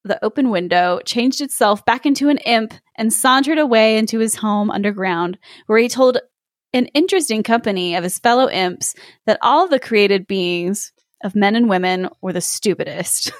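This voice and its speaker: A woman's voice: medium pitch, moderate pace, no room sound, clean studio sound. A woman reading a folktale aloud in a casual chat, often laughing and breaking off to comment. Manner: giggly, reads with lively interjections. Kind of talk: casual podcast chat with read-aloud story.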